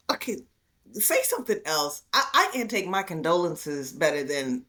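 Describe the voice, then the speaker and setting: A woman hosting a podcast, talking animatedly in casual conversation, often restarting her sentences. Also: mid-range voice. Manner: animated, quick to laugh, stammering restarts. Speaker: podcast host.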